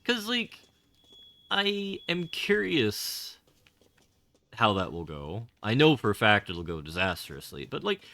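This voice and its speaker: A man's voice: lowish voice, wildly swooping pitch, slow pace, creaky, bright, forceful tone, no room sound. A man streaming a game, talking casually with rambling, wry and sarcastic asides and casual swearing. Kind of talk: casual gaming livestream commentary.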